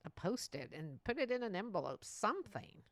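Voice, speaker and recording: A woman hosting a casual solo podcast, talking in a chatty, animated way and laughing often. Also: medium pitch, brisk, no echo. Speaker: podcast host.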